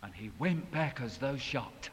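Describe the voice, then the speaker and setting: A man preaching a sermon in a large hall, dramatic, swinging from loud passages to hushed ones. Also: medium pitch, expressive, a little slow. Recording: long hall reverb, faint hiss.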